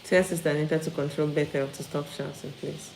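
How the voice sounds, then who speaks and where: Woman, low voice, live-streamed motivational talk, upbeat, repeats phrases, roomy echo. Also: steady tone, a little fast, gravelly. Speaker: motivational speaker. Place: at home. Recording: roomy echo, faint background noise.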